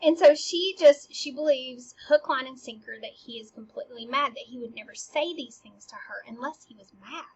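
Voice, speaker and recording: A woman casually explaining a play scene by scene. Her delivery is animated and swings between emphatic and hushed. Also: high voice, moderate pace, few pauses, slightly rough, low-quality recording.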